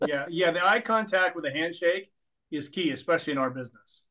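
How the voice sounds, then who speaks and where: A man hosting a casual interview, with a slightly higher voice. He asks short questions and fills the gaps with quick agreeing words. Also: sharp tone, poor audio. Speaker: interview host.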